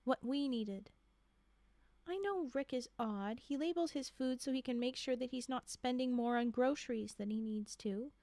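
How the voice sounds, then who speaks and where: A woman voicing a gentle, tearful middle-aged mother in a read-aloud holiday story, speaking softly and from the heart. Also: high voice, normal speed, no room sound. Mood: tender.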